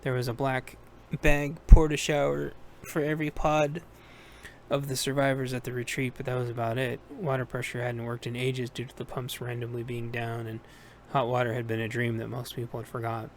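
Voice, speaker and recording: Flat-voiced man reading an audiobook. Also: medium pitch, fairly quick, hardly any pauses, a little hiss or hum. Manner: steady, plain reading with small self-corrections. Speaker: audiobook reader. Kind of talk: audiobook narration.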